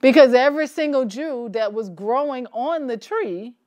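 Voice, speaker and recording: A woman leading a church Bible study in a relaxed, conversational way, asking the group questions and laughing easily. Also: high-pitched, normal speed.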